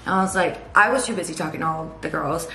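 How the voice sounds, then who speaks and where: A young woman, telling a story to camera in a rapid, chatty way full of "like.". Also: low voice, creaky, pushed and bright. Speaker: vlogger. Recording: roomy echo, faint background noise.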